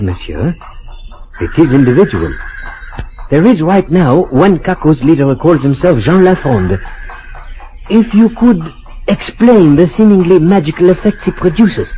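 Suave cynical doctor, dry delivery, dull vintage radio with faint hiss. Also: male voice, a little high. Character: cynical suave male doctor, Paris-educated official. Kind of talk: old-time radio drama.

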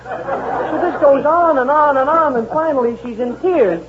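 A man telling a comic story in a chatty, animated way on a radio panel show. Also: very high voice, a little slow, noisy background. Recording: dull old radio broadcast.

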